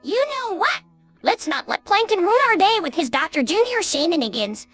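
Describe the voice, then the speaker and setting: A woman's voice: extremely high pitch, big pitch swings, normal speed, a bit bright, no room sound, faint music behind, heavily acted. An AI voice clone voicing an eager undersea cartoon character who rallies her friends emphatically. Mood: urgent. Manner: rallying, emphatic.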